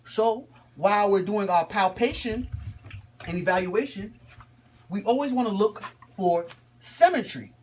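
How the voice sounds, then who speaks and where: A man's voice: high-pitched, measured pace. A young man playing a boastful shoulder-doctor dad. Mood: instructive. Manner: lecturing, with casual slangy asides. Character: boastful middle-aged father who is a shoulder doctor. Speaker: student performer in a school skit. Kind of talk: comedic skit with a medical lecture.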